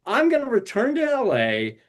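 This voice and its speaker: Animated man telling stories with fillers. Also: very high voice, moderate pace. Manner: animated storyteller with many fillers. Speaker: guest puppeteer. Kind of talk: casual chat.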